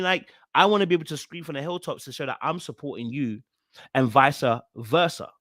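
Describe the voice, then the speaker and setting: A man giving casual commentary on a reality show, animated and full of fillers and restarts as he repeats his points. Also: a little high, a little fast, no echo, studio quality. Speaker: reaction video host.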